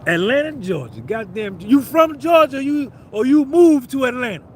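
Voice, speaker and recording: A man with a New Jersey accent and an unusually high voice rambles through a casual livestream, cursing freely and calling out to viewers in the chat. Faint traffic hums behind him. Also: big pitch swings, moderate pace. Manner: profane, rambling, banters with chat. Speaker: livestream host.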